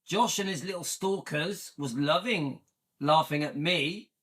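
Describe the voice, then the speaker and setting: A man talks casually to his viewers, rambling from point to point with lots of ums and uhs. His voice sits high and bright, and he speaks at an unhurried pace. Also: breathy edge. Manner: rambling, chatty with frequent fillers. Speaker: channel host. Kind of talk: casual chat to camera.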